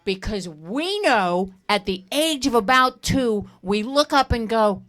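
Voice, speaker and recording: A middle-aged woman performs stand-up at a live fundraiser, her voice sitting a little above the usual pitch. She tells her stories with animation and breaks into laughter along the way. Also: slow. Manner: animated storytelling with bursts of laughter. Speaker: stand-up comedian. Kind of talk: stand-up comedy set. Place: comedy stage at a live fundraiser.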